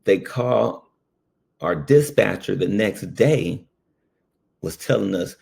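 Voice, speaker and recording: A man with a lowish voice and vocal fry speaks slowly, pausing often. A former ambulance worker, he tells a personal story casually and animatedly, packed with fillers and asides.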